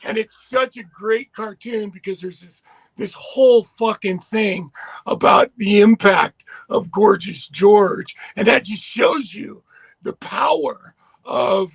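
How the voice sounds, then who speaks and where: A man with a high voice talks wrestling history in a rambling, enthusiastic way, restarting his sentences often. The sound is dry and close, with almost no room around it. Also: takes it slowly, vocal fry, husky, no room sound. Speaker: podcast co-host. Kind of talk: casual chat.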